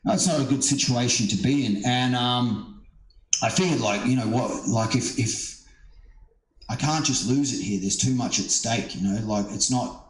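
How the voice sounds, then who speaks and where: Middle-aged stand-up, mid-pitched, loose profane storytelling full of fillers, roomy echo. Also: male voice, moderate pace. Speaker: stand-up comedian. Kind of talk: casual storytelling.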